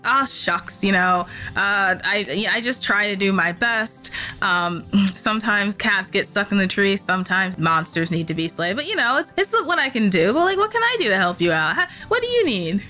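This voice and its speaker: A woman's voice: mid-range voice, lively intonation, pushed and bright, soft background music. A woman voicing a cheerful, goofy young male town hero in a tabletop game, bubbly and joking. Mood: modest. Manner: bubbly, joking, quick restarts.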